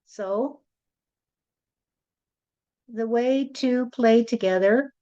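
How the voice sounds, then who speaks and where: A woman's voice: a little high, very slow, dark tone, highs cut off. A woman channeling a spirit and speaking as God, blunt and lecturing, often adding "you see".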